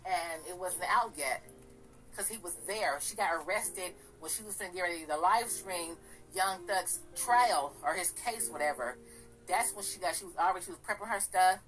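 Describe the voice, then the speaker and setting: A woman with a slightly raspy, deep voice, hosting a gossip channel and ranting bluntly with profanity. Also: moderate pace, a bit bright, poor audio. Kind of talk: casual commentary.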